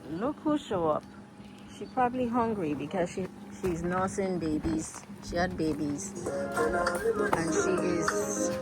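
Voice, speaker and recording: An American woman vlogging casually outdoors about her farm animals and plants, chatty and coaxing with the animals. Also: deep voice. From United States. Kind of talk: casual vlog narration.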